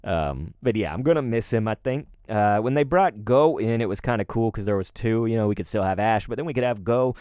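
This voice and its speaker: A man's voice: on the low side, expressive, brisk, hardly any pauses, a little mellow, clear, resonant tone, no room sound, clean studio sound. A man with a cold, chatting and rambling casually to viewers on a live stream. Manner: rambling, chatty, chuckling asides. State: congested and sore-throated from a cold. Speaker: streamer and voice actor.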